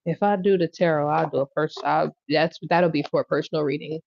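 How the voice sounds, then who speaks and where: A woman giving a casual tarot reading on a livestream, talking bluntly with lots of swearing, bursting into loud laughter and acting out scenes. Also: low voice, steady tone, brisk, no echo, muffled recording. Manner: blunt, profane, laughs loudly and acts out scenes. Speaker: tarot reader.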